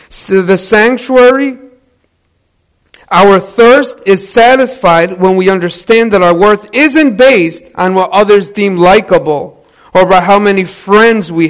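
A man with a notably high-pitched voice delivers a sermon. He tells it like a story, loose and conversational, tossing questions to the congregation and correcting himself mid-sentence. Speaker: preacher.

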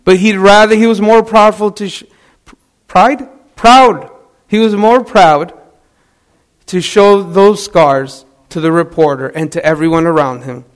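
A man's voice: high-pitched, fairly even intonation, unhurried. A man preaching a sermon, telling a story in a conversational way, asking the congregation questions and correcting himself as he goes. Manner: self-corrects mid-sentence.

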